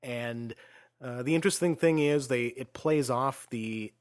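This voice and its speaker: A man hosting a casual film discussion, explaining his views in a measured way and trailing off softly at the ends of phrases. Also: medium pitch.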